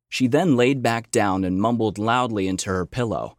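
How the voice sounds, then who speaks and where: A man reading a short story aloud, expressive and building tension as he narrates. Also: mid-range voice, unhurried, no room sound, studio quality.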